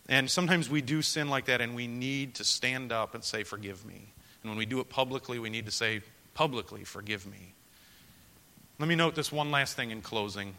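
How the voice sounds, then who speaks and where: Man, pastor, sermon, earnest storyteller, loud-then-soft emphasis, bright voice. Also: mid-range voice, big-room sound.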